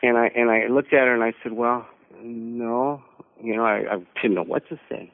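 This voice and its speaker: A man telling a personal story as a guest on a radio conversation, halting and repeating words as he searches for them. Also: medium pitch, fairly even intonation. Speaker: mission team leader, radio guest. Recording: narrow phone-like radio audio.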